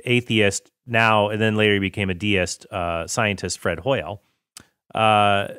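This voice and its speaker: A man's voice: lowish voice, a bit bright, dry recording, studio quality. A man hosting a podcast, telling science stories in a chatty way and correcting himself as he goes. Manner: chatty, self-correcting storyteller. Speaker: podcast host. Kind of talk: casual solo podcast talk.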